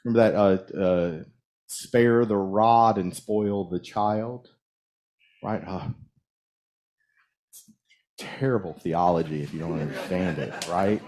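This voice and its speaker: A man minister preaching in a relaxed, conversational way, often stopping to ask the congregation questions. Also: deep voice. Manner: conversational, halting with restarts, asks the audience questions. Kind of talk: casual sermon. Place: church sanctuary.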